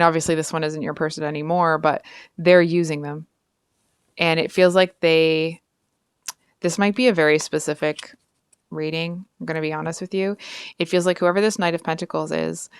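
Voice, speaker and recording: A woman with a fairly low, smooth voice talks through a tarot reading in a frank, chatty way. She stacks up fillers and asides. The sound is dry and close. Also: no room sound. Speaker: tarot reader. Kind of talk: casual tarot reading to camera.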